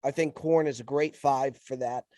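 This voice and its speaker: A man's voice: medium pitch, fairly even intonation, normal speed, dark tone, no echo, studio quality. A man hosting a podcast while feverish, emphatic and repeating his phrases in casual chat. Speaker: podcast host.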